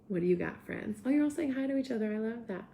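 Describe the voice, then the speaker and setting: A woman's voice: a little high, animated, quick pace, vocal fry, mellow, roomy sound, a little hiss or hum. A young woman hosting a casual live stream, reading viewer comments aloud and reacting with upbeat energy. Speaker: host.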